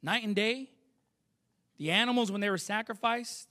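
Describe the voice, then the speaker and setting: A man's voice: sits high, moderate pace, sharp tone. A male pastor preaching a sermon, emphatic and fond of rhetorical questions.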